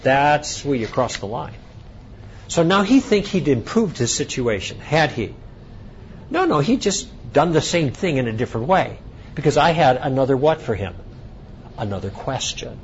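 A man giving a conference lecture, telling an anecdote in an animated storytelling way. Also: fairly high pitch, normal speed, dull audio, slight background noise. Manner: animated storytelling, acting out both sides of a dialogue. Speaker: speaker at a conference.

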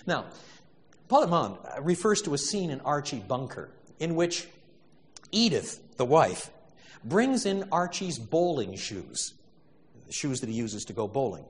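A man giving an animated storytelling lecture, full of restarts and stammers, building to laughing emphasis. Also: fairly high pitch, a little slow, big-room sound.

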